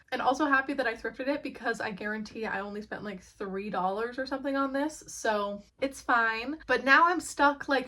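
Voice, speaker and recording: A woman's voice: a little high, bright, forceful tone. A young woman chatting casually as a book vlogger, bubbly and rambling, laughing often between asides.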